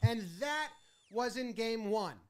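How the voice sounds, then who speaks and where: A man narrating a baseball highlight breakdown. He is animated and acts out the players' and umpires' lines in quick little voices. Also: clear, resonant tone. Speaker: sports video commentator.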